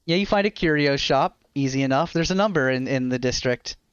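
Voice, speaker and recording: A man narrating a tabletop game as its dungeon master, in an easygoing, relaxed manner. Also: medium pitch, fairly quick, clean tone, no room sound, lo-fi sound.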